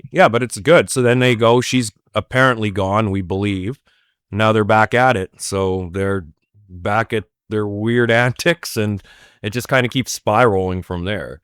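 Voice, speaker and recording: A man's voice: fairly low pitch, measured pace, a bit bright, clean tone, dry recording, studio quality. A man on a podcast, a guest retelling a movie's plot in loose, rambling casual chat full of fillers. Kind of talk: casual film recap chat.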